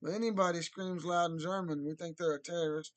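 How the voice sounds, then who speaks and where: Male solo commentator, higher-pitched, rambling delivery, frequent restarts, loud mocking put-on voices. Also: fairly even intonation, fast talker.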